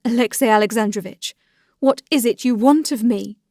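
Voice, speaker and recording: A woman's voice: fairly high pitch, normal speed, mellow, no echo, close to an everyday voice. A young wife, guilty and timid but set on being heard, as a woman reads her. She speaks earnestly, in a dry, close recording. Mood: pleading.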